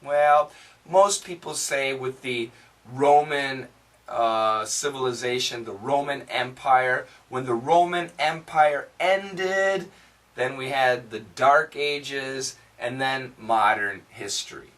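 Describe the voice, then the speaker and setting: An American man teaching English pronunciation, patiently repeating words slowly so learners can drill them. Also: medium pitch, a bit bright, distant mic. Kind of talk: pronunciation lesson.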